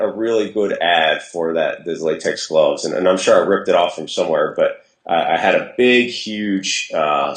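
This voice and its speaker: A man's voice: deep voice, a bit bright. A man in his forties telling rambling, self-deprecating stories as an interview guest. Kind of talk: casual storytelling interview. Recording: roomy echo.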